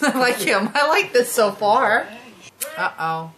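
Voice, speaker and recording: A woman in her thirties, a vlogger chatting casually and reacting out loud as she watches a movie at home. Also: a little high, lively intonation, takes it slowly. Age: 30s. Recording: movie soundtrack playing behind.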